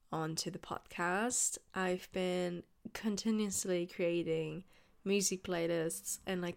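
Hoarse young woman podcaster. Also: on the low side. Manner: chatty, many fillers and restarts. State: hoarse, a bit raspy from shouting. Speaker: podcast host. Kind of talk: casual unedited podcast talk.

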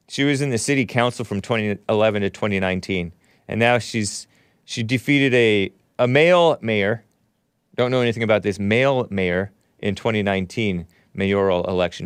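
A man's voice: on the low side, moderate pace, smooth, no echo, clean studio sound. A man hosting a call-in radio show, reading posts aloud and mocking them in a scornful, sarcastic, rambling way. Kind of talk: opinionated call-in radio talk.

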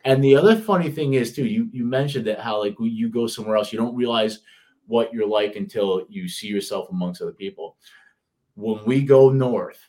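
Middle-aged man, Detroit accent, low voice, rambling casual podcast talk full of restarts. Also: moderate pace, mellow. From Detroit area, US. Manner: rambling, many restarts and fillers. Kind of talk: casual conversation.

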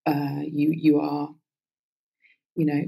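A woman, maybe in her thirties, speaking as a guest in a relaxed, reflective conversation, with lots of fillers and a casual swear now and then. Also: low-pitched, slow, vocal fry, poor audio. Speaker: podcast guest.

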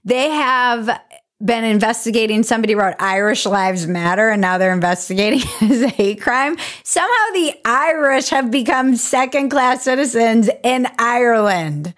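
A woman's voice: a little high, normal speed, fairly bright tone. A woman hosting a comedic political commentary show, sarcastic and irreverent, laughing often. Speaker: host.

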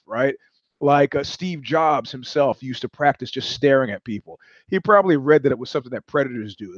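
A man's voice: on the high side, dry recording. Profane storytelling male show host. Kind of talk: casual monologue. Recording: dull lo-fi sound, dry.

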